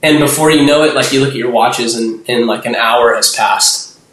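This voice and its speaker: A man's voice: medium pitch, moderate pace, a bit bright. A young man chatting as a podcast guest, rambling with lots of "like" and restarts and acting out little voices. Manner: rambling, heavy use of "like" and restarts, acts out voices. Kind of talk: casual interview talk. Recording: roomy echo.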